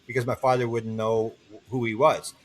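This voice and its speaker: A man's voice: mid-range voice, moderate pace. An older man, a guest on an interview podcast, telling long stories and acting out the voices of the people in them. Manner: animated storyteller, acts out quoted voices.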